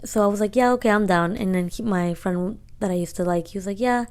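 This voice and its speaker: A woman's voice: medium pitch, quick pace, darkish tone. A woman in her twenties telling a story in casual, slangy talk, re-enacting dialogue as she goes. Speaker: podcast co-host.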